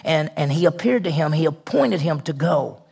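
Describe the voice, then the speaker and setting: A man's voice: a little high, lively intonation, normal speed, vocal fry, a little mellow, slightly rough. A man preaching a sermon in a conversational way, with asides and repeated phrases. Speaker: pastor.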